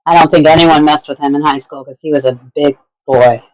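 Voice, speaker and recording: Chatty woman from Southern California, quick to laugh, casual group talk. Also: low voice, steady tone, dry recording, low-quality recording. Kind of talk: casual chat among friends.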